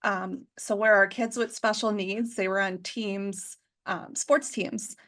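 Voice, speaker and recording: A woman from a school district's communications office, speaking as a podcast guest. She talks in a relaxed, chatty way, fills her sentences with casual fillers, and laughs easily. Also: medium pitch, takes it slowly. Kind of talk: casual conversational interview.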